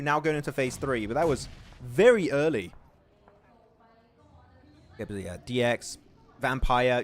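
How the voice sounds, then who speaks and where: Speaking in a mid-range voice at a moderate pace with frequent pauses, a young man from England casually calls a mobile esports match on stream. He's excitable, reacting to the action and reading out chat messages.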